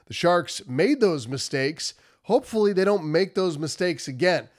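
A man's voice: high-pitched, expressive, moderate pace. A man with a nasal voice from a cold, giving emphatic, repetitive post-game hockey analysis. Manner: emphatic, repetitive, stumbles over words. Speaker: hockey commentary host.

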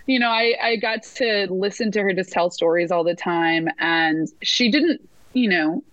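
A woman guest in a casual interview, storytelling with plenty of "um" and restarts. Her voice sits at an ordinary middle pitch. The audio is dry and a little muffled. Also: a little slow, no room sound. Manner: lively storyteller with many fillers and restarts. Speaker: sports announcer, interview guest.

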